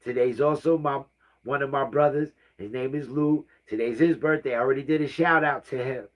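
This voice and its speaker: A man's voice: medium pitch, brisk, dull audio. Rambling middle-aged man hosting a livestream. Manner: rambling, heartfelt, drops to soft asides. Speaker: livestream host. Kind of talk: casual livestream talk.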